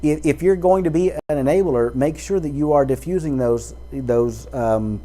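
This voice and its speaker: A man's voice: on the high side, normal speed, warm tone. A man talking into his webcam in a casual personal monologue, rambling with many fillers and false starts.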